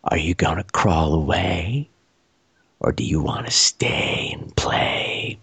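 A man putting on a husky, menacing whisper as a leering male haunted-house performer. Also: rumbling low, takes it slowly, fairly bright tone, no echo, voice pushed down, full character voice. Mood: taunting whisper. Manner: taunting, leering.

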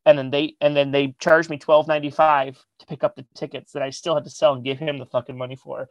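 A man from Michigan, a metal band member, telling a story in a casual interview, animated and profane, acting out the dialogue. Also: fairly high pitch, fast talker, no room sound.

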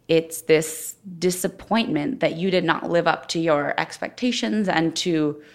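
A woman with a deep, creaky voice appears as an interview guest, a former Olympic figure skater. She tells her story candidly and thoughtfully in conversation.

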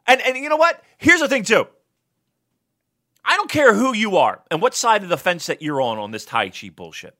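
A man with a bright, higher-pitched voice, co-hosting a casual review podcast. He swears freely and swings widely in pitch, building from easy chat into loud, excitable rants. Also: normal speed. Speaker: wrestling podcast co-host.

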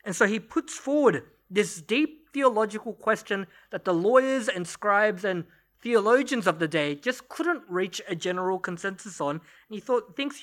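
Bright-voiced male pastor preaching. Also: sits high, expressive, normal speed. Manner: conversational, storytelling with light laughs. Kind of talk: sermon. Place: church service.

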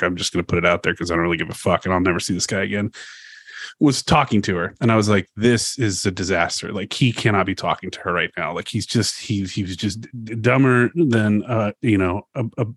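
Podcast co-host, forties, animated storyteller who curses and acts out quotes, dry close sound. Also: male voice, on the low side, no echo. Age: 40s. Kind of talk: casual chat.

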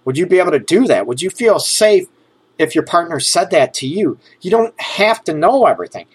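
A man's voice: sits high, sing-song, brisk, slightly rough. A man talking frankly and casually to his listeners as a relationship advice host, joking at times and often checking in with "okay?". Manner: conversational, keeps checking in with "okay?" and "you know".

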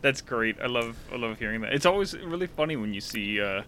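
A man's voice: medium pitch, expressive, brisk, bright, forceful tone. A man co-hosting a podcast in a casual film talk, thoughtful, with many restarts. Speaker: podcast co-host.

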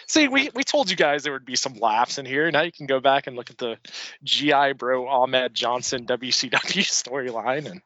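A man trades stories on a casual podcast, chatty and profane and often laughing. His tone is bright and edgy. The recording is dry and muffled, with a lo-fi sound. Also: medium pitch, lively intonation, a little slow, dry recording. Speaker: podcast co-host. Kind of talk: casual wrestling chat.

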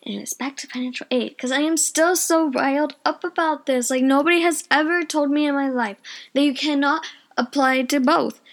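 A young woman tells a story in a chatty, wandering way, often losing her thread. Her voice sits high. She talks casually from her bedroom at home. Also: moderate pace. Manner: rambling, chatty, loses her train of thought. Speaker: vlogger.

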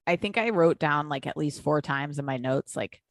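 A woman's voice: low-pitched, normal speed, no echo, clean studio sound. A woman co-hosting a casual chat about reality TV, blunt and swearing freely. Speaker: podcast co-host.

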